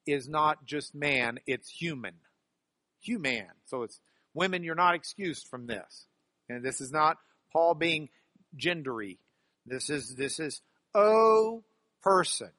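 A man teaching a class on biblical Greek grammar, animated and stressing key words by repeating them. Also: a little high, no echo. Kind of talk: classroom lecture.

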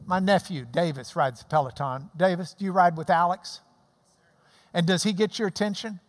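A pastor preaching a sermon, telling stories and explaining scripture in an animated way and acting out the clapping. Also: medium pitch, moderate pace. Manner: animated storytelling, mimics clapping. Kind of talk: sermon with Bible teaching. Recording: long hall reverb.

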